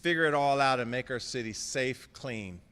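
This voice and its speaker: A man's voice: medium pitch, normal speed, a bit bright, clear, resonant tone. A man, an outgoing mayor, giving a joking, affectionate and slightly emotional farewell speech at an indoor press conference, thanking people by name. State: a little emotional. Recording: echoey hall with crowd murmur.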